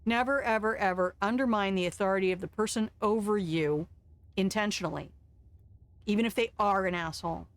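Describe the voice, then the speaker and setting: A woman's voice: medium pitch, fairly quick, no echo. Blunt older woman streamer. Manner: blunt, frank advice with swearing. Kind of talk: casual gameplay commentary.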